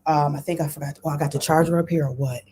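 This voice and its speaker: A woman's voice: sits low, steady tone, quick pace, dark tone, a little hiss or hum. A woman hosting a casual livestream on her computer, chatting directly to her viewers with many fillers and restarts. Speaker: livestream host. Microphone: computer mic.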